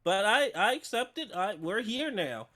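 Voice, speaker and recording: Lively, sarcastic male book club co-host. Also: high-pitched, normal speed. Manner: animated, sarcastic, swears freely. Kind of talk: casual chat. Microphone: streaming setup.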